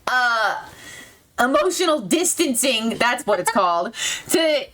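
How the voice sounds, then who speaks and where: A woman's voice: fairly high pitch, big pitch swings, slow pace, a bit bright, low-quality recording. A woman giving casual, playful commentary while playing a game, laughing often. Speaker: let's play player.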